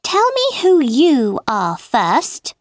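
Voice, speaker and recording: A woman's voice: a little high, huge pitch swings, slow pace, no echo, clean studio sound, exaggerated voice. A woman voicing an earnest young girl in a storybook reading, polite but easily annoyed.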